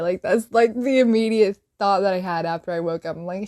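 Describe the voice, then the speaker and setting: A woman's voice: mid-range voice, steady tone, moderate pace, hardly any pauses, warm tone. A woman chatting casually about a dream, rambling with many fillers and laughing often. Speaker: friend sharing a dream. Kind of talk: casual emotional chat.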